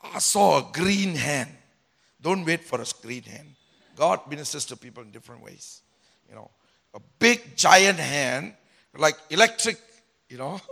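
A man, a pastor, telling a personal story in a sermon in an animated way, swinging between loud and hushed. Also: fairly high pitch, gravelly. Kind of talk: sermon testimony.

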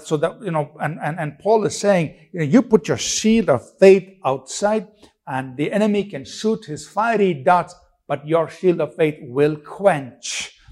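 In a somewhat high, slightly mellow voice, a man preaches with emphasis. He leans on repetition, poses rhetorical questions, and occasionally breaks off mid-sentence to begin again.

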